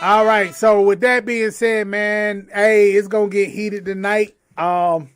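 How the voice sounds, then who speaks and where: A man's voice: sits high, flat delivery, slow pace, soft background music. A man co-hosting a livestream talk show, chatting casually in laid-back slangy banter and joking with his co-hosts. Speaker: podcast co-host.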